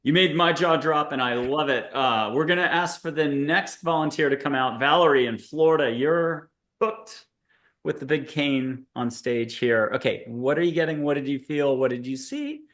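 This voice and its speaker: A man's voice: fairly high pitch, lively intonation, moderate pace, a bit bright. A man hosting a video-call panel, leading a guided meditation in a playful, rambling, punning way. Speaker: host.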